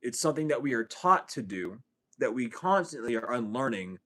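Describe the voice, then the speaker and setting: A man talking straight to camera in a casual, profane spiritual vlog, animated and laughing between thoughts. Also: medium pitch, normal speed. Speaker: tarot reader and healer.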